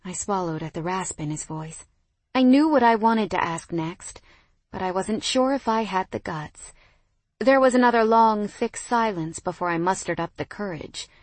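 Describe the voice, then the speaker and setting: Expressive young woman narrating a romance. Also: mid-range voice, moderate pace, no room sound. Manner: expressive, emotional dialogue reading. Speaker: audiobook narrator. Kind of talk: first-person romance narration.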